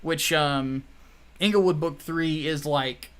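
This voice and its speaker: A man co-hosting a casual show, talking about his comic project with relaxed pauses and fillers. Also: a little high. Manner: easygoing, hesitant fillers. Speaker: comic creator and co-host. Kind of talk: casual chat.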